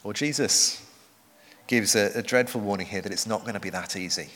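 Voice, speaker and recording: Male pastor, sermon delivery, earnest, deliberate pauses, bright tone, long church reverb. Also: fairly low pitch. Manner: earnest, measured, slows for emphasis. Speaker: preacher.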